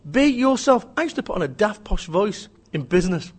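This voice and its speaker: High-pitched guy, blunt and emphatic, ranting with jokes in an interview. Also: animated, fast, husky. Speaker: author and business speaker. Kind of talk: animated interview rant.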